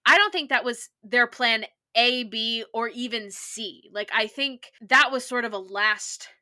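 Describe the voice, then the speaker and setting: A woman's voice: fairly high pitch, measured pace, bright, forceful tone. A woman co-hosting a podcast, chatting casually and enthusiastically about a TV episode, with lots of "like". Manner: chatty, peppered with "like". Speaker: podcast co-host. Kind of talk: casual chat recapping a TV episode.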